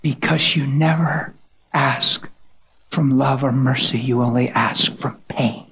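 A man preaching a sermon, telling a story dramatically and swinging from hushed whispers to loud, high cries. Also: fairly even intonation, slow, husky.

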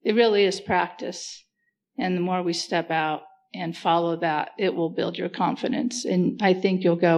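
A woman's voice: lowish voice, steady tone, moderate pace, a little mellow. A woman talking earnestly and reflectively in a casual faith discussion, thinking aloud as she goes.

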